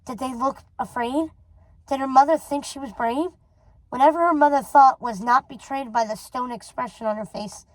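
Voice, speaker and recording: A woman reading a storybook chapter aloud in a steady, dramatic way. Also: sits high, normal speed, no echo, low-quality recording. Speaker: reader.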